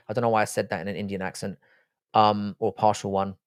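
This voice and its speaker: Speaking quickly in a fairly low voice with little pitch movement, this livestream host sounds smooth and loose, cursing casually as he reads out chat messages and responds. The studio recording is clean, with no room sound.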